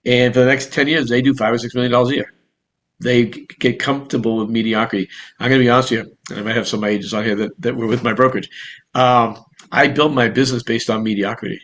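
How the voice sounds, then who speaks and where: Boston-accented man, a real estate coach, fast and energetic, rambling and restarting as he talks. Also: mid-range voice. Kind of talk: casual online group talk.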